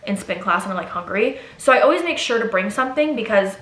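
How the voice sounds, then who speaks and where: A woman's voice: mid-range voice, expressive, fast, fairly bright tone. A young pregnant woman talking casually in a get-ready-with-me vlog, rambling with fillers and restarts. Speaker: vlogger. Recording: echoey room.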